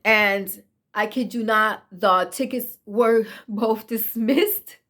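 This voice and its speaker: A woman's voice: fairly high pitch, steady tone, slow pace, a bit bright. Woman in her 30s telling a personal story, earnest and emotional, repeats stuff for emphasis. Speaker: vlogger sharing a testimony.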